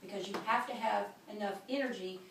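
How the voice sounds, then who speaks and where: A brisk woman with a mid-range voice teaches childbirth techniques in a practical way, demonstrating each move with gestures as she explains it in a birth center classroom. The background is noisy, the room echoes, and the mic is distant.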